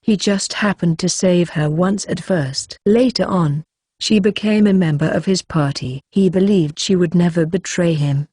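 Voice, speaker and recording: Low, mellow woman narrating a story. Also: normal speed, breathy edge, no echo, studio quality. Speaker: audiobook narrator. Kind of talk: scripted narration.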